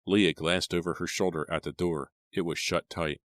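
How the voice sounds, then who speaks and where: Deep-voiced male audiobook narrator. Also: moderate pace, hardly any pauses, dry recording, studio quality. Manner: steady, dramatic storytelling. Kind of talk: scripted narration of a horror novel.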